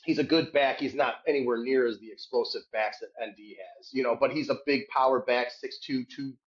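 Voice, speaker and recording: Animated storytelling man, lo-fi sound. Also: fairly quick. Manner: animated, shouts quoted hecklers in a high voice. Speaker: podcast guest. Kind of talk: casual storytelling. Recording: dull lo-fi sound.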